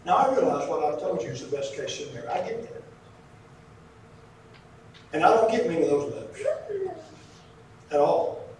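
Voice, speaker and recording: Southern man preaching, high voice, earnest folksy storyteller, heard far off in a very echoey sanctuary. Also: sing-song, moderate pace, long pauses, background noise. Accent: Southern American. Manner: retells a letter with quoted voices, earnest and folksy. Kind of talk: sermon storytelling. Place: church sanctuary. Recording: very echoey church hall from a distance.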